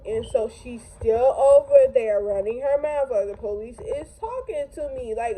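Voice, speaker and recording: A young woman vlogger telling a storytime in an animated, slangy, casual way. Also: fairly high pitch, moderate pace, hardly any pauses, low-quality recording. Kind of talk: storytime vlog.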